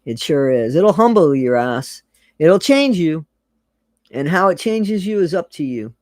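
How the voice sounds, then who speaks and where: A man's voice: a little high, sing-song, unhurried, a little mellow, dry recording. Earnest, emotional man chatting live. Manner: earnest and emotional, swears casually, greets chatters by name. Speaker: live-stream host. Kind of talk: casual live-stream chat, reading out viewer comments.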